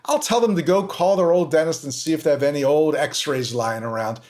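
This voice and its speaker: Male podcast host, a touch high-pitched, casual, sarcastic, exasperated. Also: a little fast, darkish tone.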